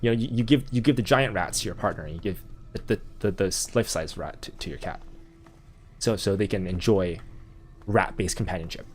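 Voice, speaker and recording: A man's voice: deep voice, fairly quick. A man streaming a video game, chatting casually and rambling through jokes with stammering restarts. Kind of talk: casual gaming stream chat.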